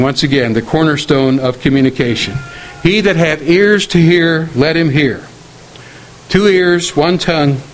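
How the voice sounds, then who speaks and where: Earnest, fairly high-voiced male preacher. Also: slight background noise, low-quality recording. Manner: measured, earnest, slows to quote scripture. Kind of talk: sermon on marriage.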